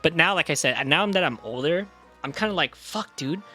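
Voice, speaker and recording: A man's voice: on the high side, lively intonation, fast, sharp tone, soft background music. A young man streaming, chatting casually in a crude, rambling, slang-heavy way. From Cambodian heritage. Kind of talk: casual chat.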